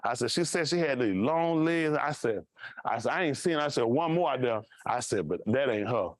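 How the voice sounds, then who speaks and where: Animated man telling stories in a sermon. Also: medium pitch, a little fast, dry recording. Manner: animated, acts out voices in his stories. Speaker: pastor. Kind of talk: casual storytelling sermon.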